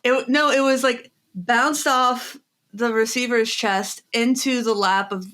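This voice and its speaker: A woman's voice: on the high side, a little slow. A woman co-hosting a podcast, chatting casually and telling a story with lots of laughter. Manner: laughing often, excited storytelling. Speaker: podcast co-host. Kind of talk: casual chat.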